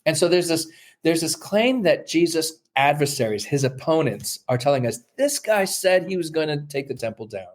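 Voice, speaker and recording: A man who teaches New Testament, explaining his research in an interview, thoughtful and halting with many fillers and restarts, acting out quoted voices now and then. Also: a little high, expressive. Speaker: New Testament scholar, guest.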